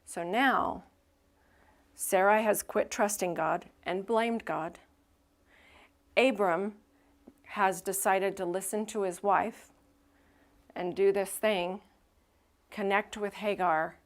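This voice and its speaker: Slow, animated woman preaching a sermon. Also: medium pitch. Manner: conversational, animated retelling with acted-out quotes. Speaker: pastor. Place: church sanctuary.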